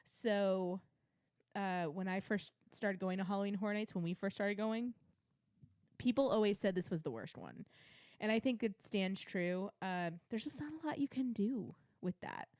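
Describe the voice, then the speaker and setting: A young adult woman co-hosts a relaxed review conversation. She speaks candidly and gives firm opinions, pausing on fillers and restarting her sentences. Her voice sits in a middle range and sounds dry and close to the mic. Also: mid-range voice, no room sound. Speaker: co-host reviewing theme park events. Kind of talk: casual chat.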